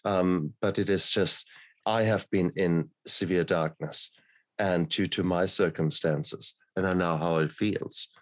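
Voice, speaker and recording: Podcast host guy, really deep voice, asks soft digging questions. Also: fairly even intonation, a little slow, no room sound. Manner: gentle, probing questions. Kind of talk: interview.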